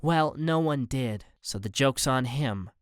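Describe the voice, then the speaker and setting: Brief: sulky, dismissive teen girl at a magic school, read by a male narrator, smooth dry studio sound. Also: mid-range voice, big pitch swings, normal speed, no room sound, lightly acted. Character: scornful teenage girl student.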